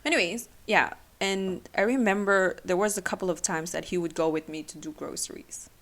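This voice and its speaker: A young woman hosting her own podcast, talking emotionally and haltingly, tearful at times. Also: fairly low pitch, a bit bright. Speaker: podcast host. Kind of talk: personal solo podcast.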